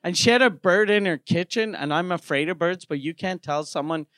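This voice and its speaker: A man from Quebec in casual chat, telling stories in an animated way, cursing and acting out the voices of the people in them. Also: high-pitched, brisk, dry recording, studio quality. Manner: animated, swears freely, acts out quoted voices.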